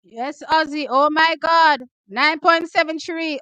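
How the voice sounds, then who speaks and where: A Jamaican woman hosts a live watch party, reacting to sprint races as they unfold. Her voice sits very high and sounds bright and sharp. She breaks into cheers and repeated excited shouts, recorded close and dry. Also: normal speed, no room sound, muffled recording.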